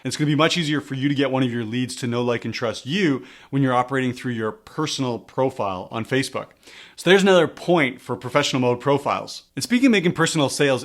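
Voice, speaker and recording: A man talks quickly through a screen-recorded tutorial and leans on repeated phrases for emphasis. His pitch sits in a middle range and his delivery stays clear and instructive. He sounds close to the mic. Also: a bit bright. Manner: emphatic, repeats key words for stress. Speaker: coach explaining social media marketing.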